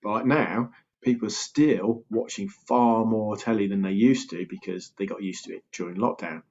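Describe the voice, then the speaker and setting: A man's voice: lowish voice, normal speed, darkish tone, highs cut off. A man, a health coach talking casually and breezily to camera, full of fillers and acted-out quotes. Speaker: health and weight loss coach.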